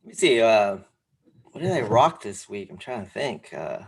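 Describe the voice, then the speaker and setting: A man co-hosting a casual podcast, talking in a rambling, animated way with lots of fillers. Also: lowish voice, normal speed, gravelly, breathy edge. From came to this country when young. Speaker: podcast co-host. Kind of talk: casual sneaker podcast chat.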